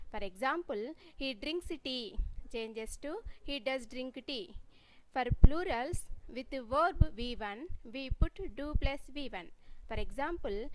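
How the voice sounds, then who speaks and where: Slow high-voiced woman teaching grammar. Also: noisy background. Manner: measured, reads example sentences one by one. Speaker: English teacher. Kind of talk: slow scripted grammar lesson.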